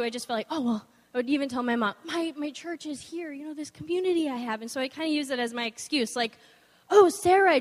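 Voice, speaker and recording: A young woman giving an informal, earnest devotional talk, weaving in a personal story, in a conversational manner. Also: fairly high pitch. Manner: earnest, conversational, animated when quoting others. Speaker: speaker sharing a devotional. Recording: long hall reverb.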